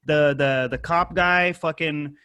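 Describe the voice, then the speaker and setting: A man hosting a casual podcast, rambling and swearing a lot, with animated retellings of stories. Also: fairly high pitch, slow, clean tone, no echo, lo-fi sound. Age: adult with wife and kid. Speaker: podcast host. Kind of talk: casual profane chat.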